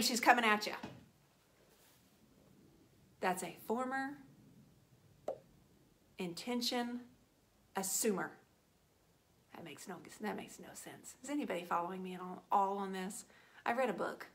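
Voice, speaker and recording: Painting furniture as she talks, a middle-aged woman addresses her viewers casually and playfully, teasing them by name with lively asides. Her voice is fairly high-pitched.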